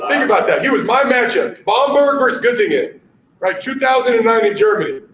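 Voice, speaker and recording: Male basketball coach presenting at a conference, high voice, punchy catchphrase delivery, echoey distant room mic. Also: a little fast. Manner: energetic, punchy, repeats catchphrases, keeps asking "all right?".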